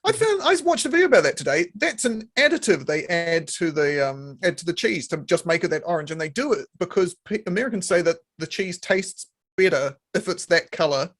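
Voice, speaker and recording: Brief: man co-host, casual chat, high voice, easygoing and talkative. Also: animated, fairly quick, fairly bright tone. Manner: chatty, laughs along, recounts videos he watched. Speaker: podcast co-host.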